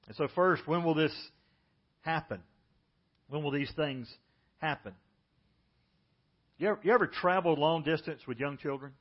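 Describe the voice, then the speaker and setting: Higher-voiced man preaching, lo-fi audio. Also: normal speed, pauses often. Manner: storytelling, acts out quoted speakers with lifted pitch. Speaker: pastor. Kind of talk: sermon. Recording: dull lo-fi church audio.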